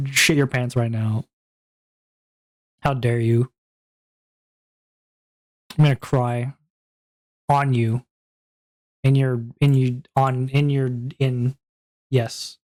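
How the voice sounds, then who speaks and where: A man streaming a casual chat, rambling and stammering with playful mock outrage and loud bursts of laughter. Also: medium pitch. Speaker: VTuber streamer.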